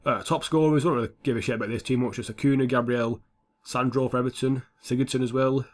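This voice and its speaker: A man's voice: medium pitch, fairly even intonation, fast. A young man giving casual, sweary commentary over a football management game. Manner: blunt, sweary and offhand. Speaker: gaming YouTuber.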